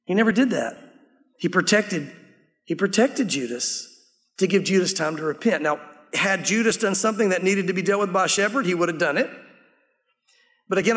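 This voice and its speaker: Man, pastor, conversational sermon, acts out quotes, fairly high voice. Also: fast talker, a bit bright, long reverb tail.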